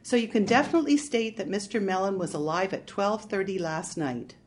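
A woman reading an audiobook, voicing a wry, steady male detective who speaks in a dry, matter-of-fact way. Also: mid-range voice, a little fast, voice pushed up, lightly acted. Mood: probing.

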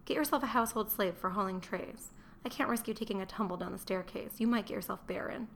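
A woman's voice: mid-range voice, fast, creaky, fairly bright tone, a little hiss or hum. A woman voicing a middle-aged Roman merchant who barks and grumbles at his wife. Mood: blustering. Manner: barking, grumbling, disdainful.

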